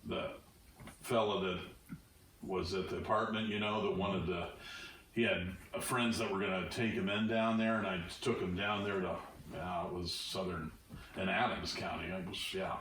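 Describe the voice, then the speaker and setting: A man with a low voice chats easily with friends and laughs along with their jokes. He sounds far off in a very echoey room. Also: steady tone, normal speed, a bit bright, a little hiss or hum. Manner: easygoing, agreeable, laughs along. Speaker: podcast co-host. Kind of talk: casual chat. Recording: very echoey room, distant mic.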